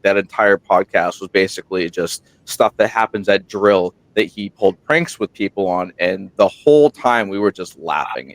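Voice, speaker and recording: A man on a podcast, a guest who hosts his own show, telling stories in a rambling, animated way and acting out quotes, sounding tired at night. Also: on the low side, no room sound. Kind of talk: casual interview storytelling. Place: remote room while on military deployment. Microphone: single portable microphone.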